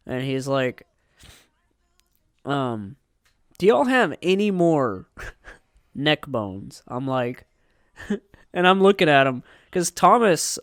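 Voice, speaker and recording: A young man co-hosting a podcast in casual chat, relaxed and unhurried, with many ums. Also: medium pitch, smooth, no echo, clean studio sound. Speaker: podcast co-host.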